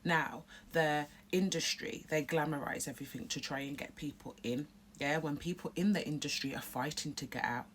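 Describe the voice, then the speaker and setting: Woman vlogger, deep voice, candid and emphatic, casual to camera. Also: moderate pace, a little hiss or hum.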